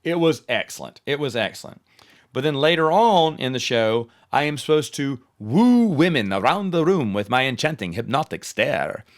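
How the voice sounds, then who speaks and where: A man's voice: medium pitch, sing-song, normal speed. A man hosting his own podcast, talking casually and telling a story with animation, often restarting his sentences. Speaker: podcast host. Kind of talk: casual solo podcast monologue.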